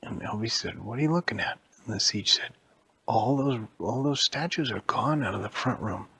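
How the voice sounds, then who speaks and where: A man telling a made-up spooky story to a child, switching into high squeaky voices for characters and dropping to a whisper at scary moments. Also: moderate pace, sharp tone, slightly rough, dry recording. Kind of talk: improvised bedtime-style story for a child.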